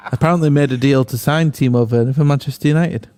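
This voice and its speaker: Man, podcast co-host, easygoing and hesitant, warm mellow tone. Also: medium pitch, a little fast. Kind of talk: casual football chat.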